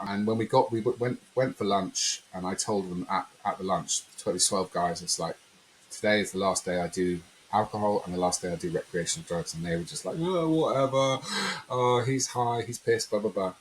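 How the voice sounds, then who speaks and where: A man's voice: lowish voice, a little fast, a little hiss or hum, poor audio. A man telling a personal story in a conversational interview, rambling and acting out quotes. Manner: rambling, animated storyteller who acts out quotes. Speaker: podcast guest.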